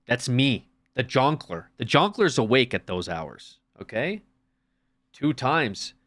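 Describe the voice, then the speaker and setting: A man's voice: mid-range voice, very animated, slow pace, fairly bright tone. A man streaming, chatting casually, swearing often and acting out little scenes. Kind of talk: casual chat.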